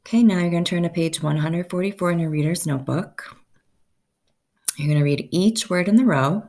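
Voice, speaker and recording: A woman with a low, gravelly voice teaches a first-grade phonics lesson, slowly stretching each sound so the children can say the words along with her.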